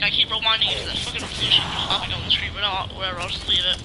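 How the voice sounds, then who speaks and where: A man's voice: high-pitched, steady tone, very fast. A man, a gaming YouTuber, ranting casually in a vlog, rambling with lots of restarts and fillers and swearing now and then. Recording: noisy background hum.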